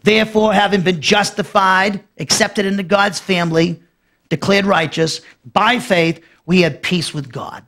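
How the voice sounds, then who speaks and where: A man preaching an expository Bible lesson, emphatic and repetitive, pushing his voice up for stress and dropping low to close each point. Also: fairly even intonation, measured pace, fairly bright tone, a little hiss or hum. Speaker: pastor teaching a Bible class. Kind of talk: expository sermon.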